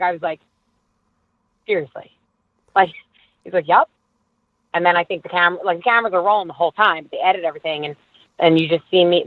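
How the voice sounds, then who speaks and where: A woman guest in her thirties telling stories in a casual interview, animated and full of "like", acting out who said what. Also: on the low side, no echo. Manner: animated storyteller, acts out quoted dialogue, lots of "like". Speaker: guest, former reality show contestant. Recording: dry, tinny phone-like line.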